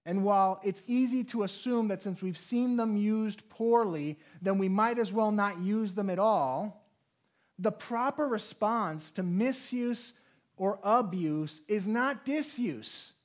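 A man preaching a sermon as a pastor, earnest and measured, slowing down to lean on key phrases. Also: sits high, expressive.

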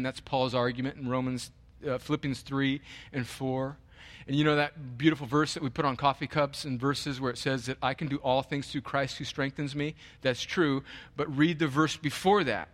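A man preaching a sermon as pastor, earnest and animated, often restarting his sentences. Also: mid-range voice, moderate pace.

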